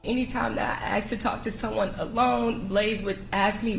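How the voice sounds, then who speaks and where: A woman recounting events in an interview, halting and emotional as she speaks. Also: medium pitch, steady tone, creaky, echoey room, soft background music, low-quality recording. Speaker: interviewee, friend of the victim.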